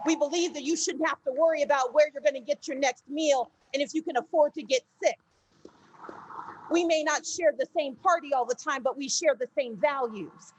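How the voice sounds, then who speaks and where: A woman with a somewhat high voice gives a rousing political speech to union workers. She tells a parable story and builds toward emphatic, repeated lines as she talks. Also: slightly rough. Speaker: speaker at a labor union gathering.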